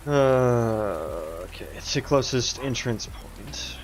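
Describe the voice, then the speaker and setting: A man streaming his game development work from home, talking himself through the code in a rambling, halting way. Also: on the low side, a little hiss or hum. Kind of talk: casual livestream, thinking aloud while coding.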